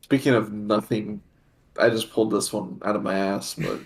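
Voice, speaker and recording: A young man co-hosting a casual podcast, blunt and joking with a deadpan delivery. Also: lowish voice, moderate pace. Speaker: podcast co-host. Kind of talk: casual chat.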